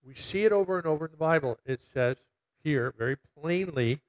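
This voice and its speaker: A man's voice: fairly high pitch, lively intonation, fairly quick, lo-fi sound. A middle-aged man, a pastor, preaching a conversational sermon full of stories and quoted asides.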